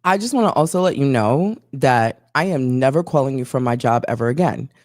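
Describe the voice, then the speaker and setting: A woman's voice: very deep voice, lively intonation, fairly quick, a little mellow, no room sound, studio quality. Irritated woman co-host venting. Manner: irritated venting, swears freely. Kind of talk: casual live-stream chat. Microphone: boom mic.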